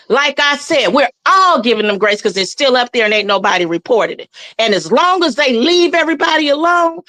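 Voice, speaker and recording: A woman's voice: high-pitched, a bit bright, dry recording. A woman in her forties with a Southern US accent, giving blunt, profane, impassioned commentary as a guest. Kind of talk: heated casual commentary.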